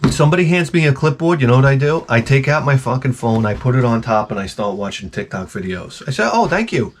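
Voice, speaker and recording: A man's voice: mid-range voice, fast talker, a little hiss or hum. A male vlog host rambling through a comedic rant, crude and heavy on profanity. His delivery is jokey and exaggerated, and he jumps from one tangent to the next. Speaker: YouTube host.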